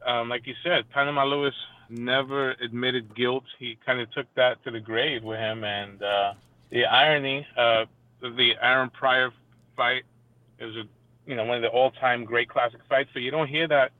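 A male guest speaks over a tinny phone line, dry and close. He talks in a measured, hesitant way, with frequent fillers between his thoughts. His pitch sits in the middle range. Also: dry recording. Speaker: guest boxing analyst. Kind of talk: call-in interview on a talk show.

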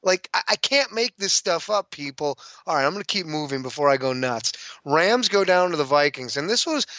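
A man giving a casual, excitable sports recap, ranting with fillers and restarts. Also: on the high side, no room sound, dull audio. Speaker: sports commentator.

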